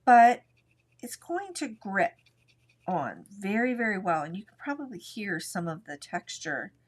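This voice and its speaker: Woman, art tutorial host, relaxed and chatty, narrates her coloring step by step, desk mic. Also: mid-range voice, unhurried, slightly rough. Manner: relaxed, chatty, narrates each stroke as she works. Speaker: art instructor.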